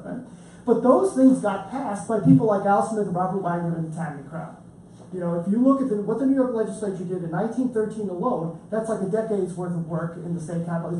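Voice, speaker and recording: Before an audience in a lecture room, a man with a high, warm voice gives an informal talk on his book. He chats, jokes, tells stories and restarts frequently. The recording comes from a distant mic and sounds roomy, with faint ambience and a little hiss or hum.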